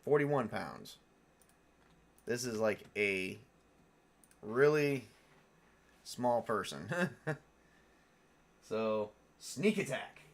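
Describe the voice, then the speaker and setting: A man's voice: fairly low pitch, extremely slow, long pauses. A man hosting a casual live stream, building tabletop game characters, rambling and thinking aloud with frequent chuckles and self-corrections. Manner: self-correcting, answers viewer questions.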